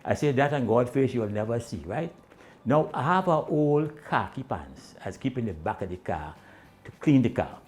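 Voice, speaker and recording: A man telling comic stories in island dialect, acting out the people in his tales. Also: normal speed. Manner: animated, swinging pitch, voices the people in his tales. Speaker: storyteller.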